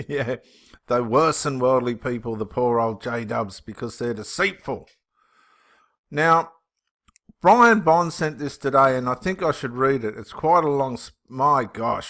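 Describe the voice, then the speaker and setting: A man, a channel host reading viewer comments and answering them in an impassioned, emphatic way. He swings between loud preaching and muttering to himself. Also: mid-range voice, measured pace.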